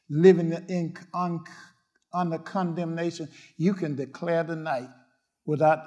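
A man preaching a fiery sermon, repeating short declarations and swinging from loud cries to hushed murmurs. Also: on the high side, flat delivery, unhurried, highs cut off. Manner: repetitive declarations and cadences.

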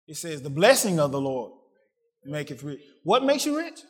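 A man preaching a sermon, asking the congregation questions and swinging from excited peaks to quiet asides. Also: normal speed. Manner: call-and-response preaching, rising to excited peaks then dropping low.

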